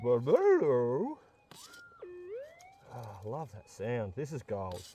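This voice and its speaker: Speaking at a moderate pace, a man narrates his own metal detecting video from the bush, addressing viewers directly. His fairly low voice sounds mellow and animated.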